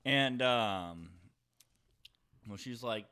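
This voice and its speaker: A young man with a bright, forceful voice spins a long, rambling story on a casual podcast. He swears freely, laughs a lot and keeps checking in with his friends as he talks. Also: medium pitch, animated, fairly quick. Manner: rambling, profane, laughs often. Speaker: podcast co-host.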